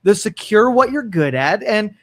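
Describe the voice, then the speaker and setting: A man's voice: high-pitched, very animated, normal speed, a bit bright, no echo. Man, talk-show co-host, blunt, teasing, lecturing, dry close sound. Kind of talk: casual talk show banter. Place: live-streamed studio.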